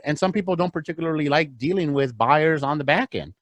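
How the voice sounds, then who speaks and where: A man on a podcast, telling business stories in an animated way and acting out bits of dialogue. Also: a little fast, few pauses, dry recording. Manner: animated storyteller, acts out dialogue, big swings in pitch. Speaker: podcast guest, real estate investor. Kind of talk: casual chat.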